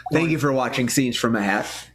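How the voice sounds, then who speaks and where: A man's voice: mid-range voice, moderate pace, a bit bright. A man hosting a live improv comedy show online, joking and laughing often between turns. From Minnesota.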